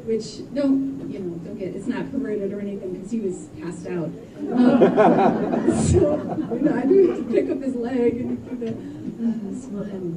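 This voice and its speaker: A woman performing a stand-up comedy set in a club, animated and exclaiming, laughing between punchlines. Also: medium pitch, normal speed. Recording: echoey room from far off with crowd. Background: audience laughter and room noise.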